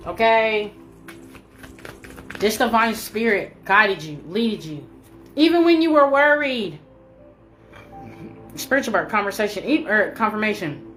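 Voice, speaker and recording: A woman's voice: mid-range voice, very animated, a little slow, long pauses, a bit bright, soft background music. A woman delivering a spiritual message to her viewers, emphatic and repetitive, swearing freely and calling the listener baby. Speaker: spiritual reader.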